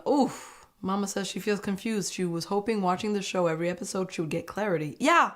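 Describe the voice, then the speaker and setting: A woman recapping a reality show episode in casual reaction commentary, exclaiming and laughing as she goes. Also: fairly low pitch. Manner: animated, exclaiming, quick laughs between remarks.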